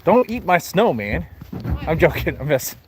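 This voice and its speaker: Walking outdoors through snowy wind, a man vlogs on a handheld phone, rambling and joking with bursts of mock outrage in a fairly high, sing-song voice at a moderate pace. The recording is rough, with loud wind hitting the phone mic.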